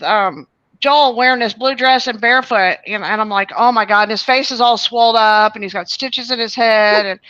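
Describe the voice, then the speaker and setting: A woman's voice: a little high, no room sound, muffled recording. A woman telling a long, rambling story on a show, full of fillers and restarts. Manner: animated, many fillers and restarts.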